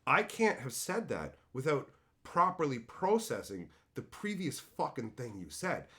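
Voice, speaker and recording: A man hosting a live stream, telling a story to his chat in a profane, exasperated, animated way and reading out viewer comments. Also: mid-range voice, unhurried. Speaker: livestream host.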